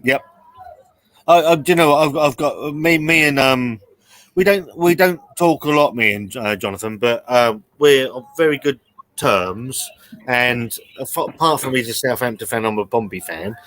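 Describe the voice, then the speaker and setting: A man's voice: medium pitch, normal speed, a bit bright, no echo. A man hosting a casual live stream, bantering in a laid-back way and swearing. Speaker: host.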